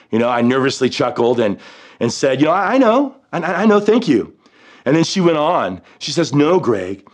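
A military veteran in his fifties telling his own story in a halting, reflective way, often pausing on "you know" and restarting his sentences. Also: mid-range voice. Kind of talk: personal storytelling.

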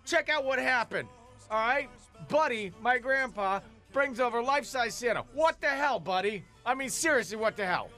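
A man's voice: extremely high pitch, expressive, normal speed, bright, forceful tone, soft background music, voice pushed up, heavily acted. A man voicing a sassy little girl greeting her class, brash and teasing.

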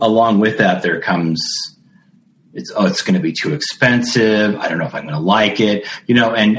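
A man's voice: low-pitched, reverberant, rough recording. A man hosting a theatre podcast, talking casually with lots of fillers and self-corrections. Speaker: podcast host. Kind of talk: casual interview chat.

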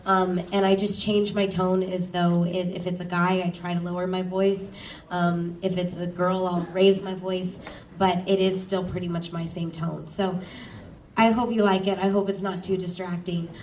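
A woman's voice: medium pitch, darkish tone. A woman who narrates audiobooks, chatting casually on a panel with many ums. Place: live event stage. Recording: roomy, distant mic, faint noise.

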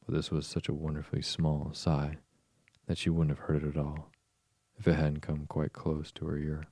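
Man, audiobook narration, very deep voice, flat delivery, dark, dry sound. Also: normal speed, no echo.

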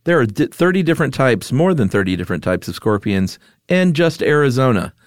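A man's voice: mid-range voice, very animated, a little fast, no echo, studio quality. A man co-hosting a podcast in casual, jokey chat, laughing often and reading from his notes. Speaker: podcast co-host.

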